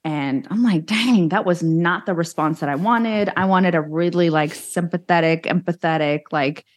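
A woman's voice: fairly low pitch, normal speed. A woman guest on an interview show, a social media influencer, talking frankly and plainly as she tells her own story. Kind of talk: candid conversational interview.

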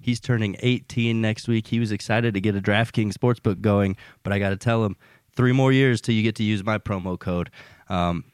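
A young man with a fairly low voice co-hosts a sports podcast. He talks in an easygoing, wry way, whether chatting or reading an ad. The recording is dry and close. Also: fairly even intonation, moderate pace, clean tone, no echo. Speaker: podcast co-host. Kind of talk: casual podcast chat and ad read.

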